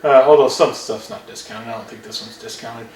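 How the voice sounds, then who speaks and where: A man's voice: medium pitch, brisk, darkish tone. A man hosting a casual movie review chat, rambling and hesitant, repeating words as he talks. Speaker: podcast host. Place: home basement room. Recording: roomy, distant mic, faint hum.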